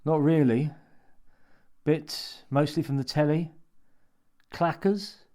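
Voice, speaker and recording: A man's voice: a little high, fairly even intonation, slow, warm tone, pitched above the performer's own voice. Meek, frightened drunk man, voiced by a male story reader; thick, hesitant delivery.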